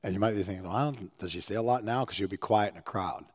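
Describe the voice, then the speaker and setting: A male pastor preaching a conversational sermon with personal stories, swinging from hushed, low passages to loud, animated ones. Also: fast talker. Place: church service.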